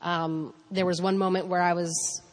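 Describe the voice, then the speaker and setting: Self-deprecating woman, low-pitched. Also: level tone, normal speed. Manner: rambling, self-deprecating, laughs often. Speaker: mother and speaker on parenting. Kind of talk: casual talk on faith and parenting.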